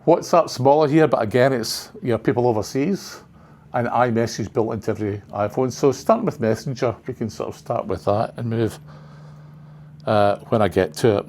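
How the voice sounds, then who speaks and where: In a training room, an older man rambles through an informal presentation for a class of trainers, full of side comments. He speaks at a moderate pace in a medium pitch with a darkish tone.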